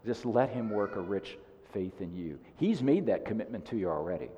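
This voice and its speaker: A male pastor preaching a sermon in an earnest, repetitive way, often dropping soft on key lines. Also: lowish voice, expressive, normal speed, hardly any pauses, long reverb tail, lo-fi sound.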